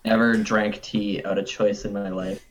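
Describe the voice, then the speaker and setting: A man's voice: lowish voice, flat delivery, unhurried, crowd noise, rough recording. A man chatting bluntly and casually on a stream. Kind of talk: casual chat.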